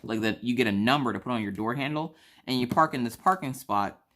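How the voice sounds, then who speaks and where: A woman's voice: extremely low pitch, a little fast. A woman from South Carolina with a mixed Southern accent, chatting casually and telling a story while acting out the people in it. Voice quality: animated, acts out other people in the story. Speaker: craft vlogger.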